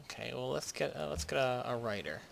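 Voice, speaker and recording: A man's voice: mid-range voice, expressive, brisk, vocal fry, a bit bright, a little hiss or hum. A man casually commenting on a strategy game he plays, rambling and joking, often restarting his sentences. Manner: rambling, jokey, trails off mid-sentence. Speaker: gaming video host.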